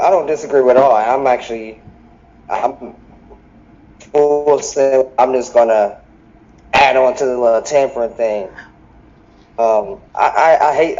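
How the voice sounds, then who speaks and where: A man co-hosting a podcast, talking sports in a laid-back, halting way. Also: medium pitch, a little mellow, highs cut off. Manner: laid-back, halting, often says "you know what I'm saying". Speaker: podcast co-host. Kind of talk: casual sports talk.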